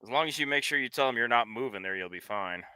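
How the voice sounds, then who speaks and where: A man co-hosting a casual show, quick and sarcastic with wisecracks. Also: mid-range voice, animated, sharp tone, clean tone, dry recording. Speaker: co-host. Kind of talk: casual chat.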